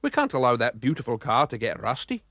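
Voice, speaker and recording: A man's voice: mid-range voice, wildly swooping pitch, quick pace, fairly bright tone, no echo, studio quality, heavily acted. A man doing a gracious lady lake monster. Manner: gracious, kindly.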